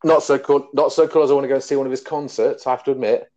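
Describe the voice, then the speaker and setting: A man's voice: mid-range voice, fairly even intonation, rapid-fire, a little mellow. A man hosting a casual geek chat podcast, talking animatedly and laughing often. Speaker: podcast host. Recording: dull lo-fi sound.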